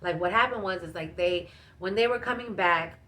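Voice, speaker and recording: A woman vlogger tells a storytime in a chatty, rambling way, filling it with fillers and asides to her viewers. Her voice sits slightly low. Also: normal speed, sharp tone, slight background noise. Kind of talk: casual storytime.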